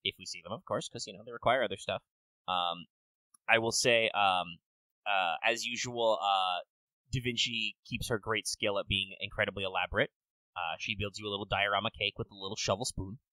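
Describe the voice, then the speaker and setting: A man co-hosting a podcast in casual chat, rambling and swearing with quick bursts of excitement. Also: lowish voice, dry recording, low-quality recording. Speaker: podcast co-host.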